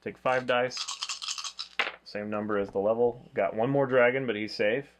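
A man hosting a casual board game review, talking in a flat, low-key way. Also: moderate pace, dull audio, noisy background. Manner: low-key, flat delivery, self-described monotone.

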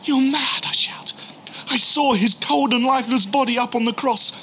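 A man telling the story in the first person as a grieving, doubting male disciple, halting and emotional, repeating words. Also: extremely high pitch, bright, forceful tone, a little hiss or hum, exaggerated voice. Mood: incredulous.

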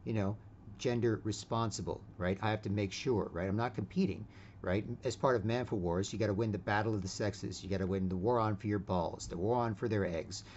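A man's voice: fairly low pitch, fairly quick, a little mellow, highs cut off, a little hiss or hum. A man giving a casual opinion monologue, rambling with many restarts and constantly tagging his sentences with "right?". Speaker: vlogger.

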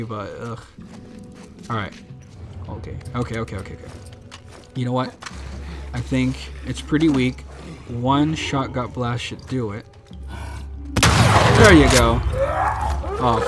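A man giving casual gameplay commentary, panicking, swearing and repeating himself in quick bursts. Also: mid-range voice. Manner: panicky, swears a lot, repeats words rapidly. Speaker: let's play gamer. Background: loud game music.

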